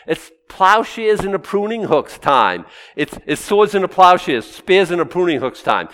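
Male pastor, sermon, fairly high-pitched, emphatic, loud bursts and wry quiet asides.

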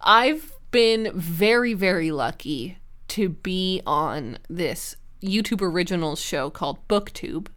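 A woman's voice: lowish voice, expressive, slow pace, a bit bright. A woman chats on a podcast in a loose, rambling way, packing her talk with fillers and little laughs. She teases herself as she tells a story and keeps her tone light. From Canada. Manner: chatty, giggly and self-mocking, with many fillers. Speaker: podcast co-host and book YouTuber. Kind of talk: casual chat.

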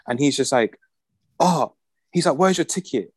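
A man's voice: a little high, lively intonation, fast talker, breathy edge, no room sound. A young man telling a rant story in casual chat, full of slang and acting out the people he quotes. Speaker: podcast regular.

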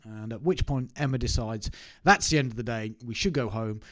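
A man's voice: mid-range voice, moderate pace, a bit bright. A man, telling a personal story to camera in a chatty, self-mocking way. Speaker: business owner vlogger. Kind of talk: casual anecdote to camera.

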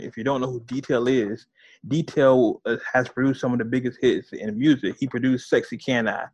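A man's voice: medium pitch, dry recording. Slangy man in casual chat, dry sound. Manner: loose, joking, slangy delivery. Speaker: podcast co-host.

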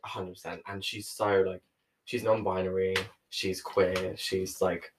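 A young British man and drag performer, chatting casually as a podcast guest, full of fillers and quick laughs. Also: low-pitched, flat delivery, background noise. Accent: British English.

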